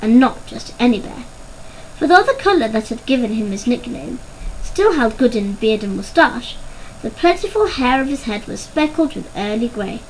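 High-voiced woman narrating a storybook. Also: slight background noise, rough recording. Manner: expressive, measured.

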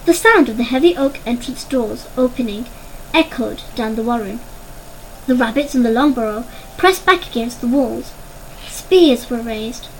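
High-voiced woman reading a story. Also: normal speed, slight background noise, rough recording. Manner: expressive, dramatic. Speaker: narrator. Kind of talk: storybook narration.

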